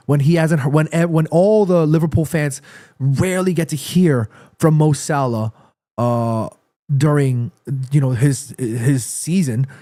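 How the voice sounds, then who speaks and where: Tired live-stream host with a fairly high voice, rambling through animated football opinions. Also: male voice. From born in South Korea, raised in New York City. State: tired and under the weather. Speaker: livestream host.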